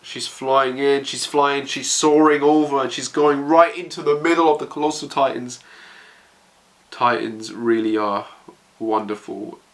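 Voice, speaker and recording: A man's voice: mid-range voice, steady tone, measured pace. A man emotionally reacting as he reads a manga chapter aloud, stammering and narrating what happens.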